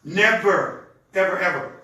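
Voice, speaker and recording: A man with a high, bright voice runs an energetic live sales pitch and speaks straight to his listeners. He is picked up from a distance in a very echoey room, with faint noise behind him. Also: a little slow. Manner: energetic and conversational, talks straight to the audience. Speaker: presenter of a product demonstration.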